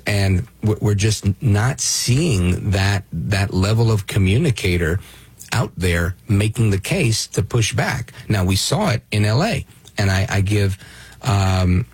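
A man's voice: fairly low pitch, breathy edge, dry recording. A man from Brooklyn hosting a call-in radio show, talking emphatically and often asking "right?". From Brooklyn, New York. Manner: emphatic, restarts and rhetorical "right?". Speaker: radio talk show host.

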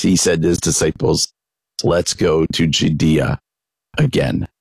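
Deep gravelly-voiced male preacher. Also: darkish tone, dry recording, low-quality recording. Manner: conversational, reads a devotional then reflects aloud with restarts. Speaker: pastor. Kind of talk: devotional sermon.

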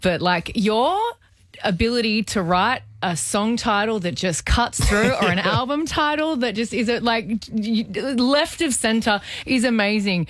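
A woman's voice: on the high side, a little slow, no room sound. A woman co-hosting a radio interview, chatty, giggly and enthusiastic. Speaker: radio co-host.

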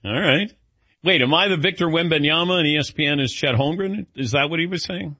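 A man's voice: a little high, brisk, pushed and bright, no room sound. A middle-aged man hosting a sports radio show, chatting casually with a wry, self-deprecating manner. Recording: dull lo-fi broadcast audio.

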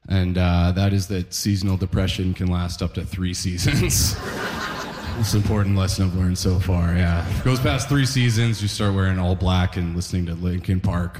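Man, very low voice, dry stand-up delivery, reverb of a live hall. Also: a little mellow. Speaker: stand-up comedian. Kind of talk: stand-up comedy set.

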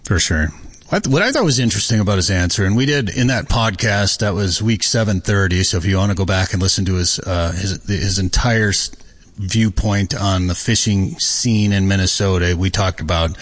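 A tired, sleep-deprived man hosting a podcast in relaxed, rambling casual chat. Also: sits low, moderate pace. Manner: relaxed, rambling, self-correcting. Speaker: podcast host.

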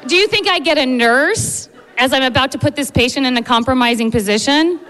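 A woman who works as an emergency medicine doctor tells a funny story, animated and laughing through it. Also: high voice, fairly quick, big-room sound, a faint crowd, slight background noise. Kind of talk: live storytelling.

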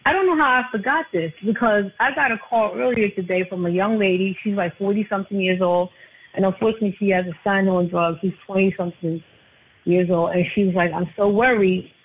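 A woman's voice: medium pitch, fairly even intonation, fairly quick, a little hiss or hum. A woman, an insurance agent calling in as a guest, speaking earnestly and repeating herself. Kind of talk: casual radio talk. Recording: tinny phone line.

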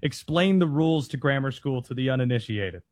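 A man's voice: mid-range voice, lively intonation, a little fast, darkish tone, no echo. A man co-hosting a casual podcast, joking and self-mocking. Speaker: co-host.

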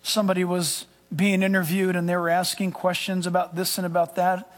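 A high-pitched male pastor delivers a sermon with emphatic, dramatic swings from loud to hushed. His voice rings out with a long reverb tail, as if in a large sanctuary. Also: flat delivery, brisk.

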